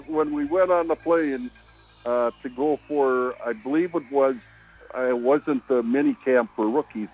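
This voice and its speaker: An older man, an army veteran, reminiscing in a radio interview and laughing often. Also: mid-range voice. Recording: phone-line audio.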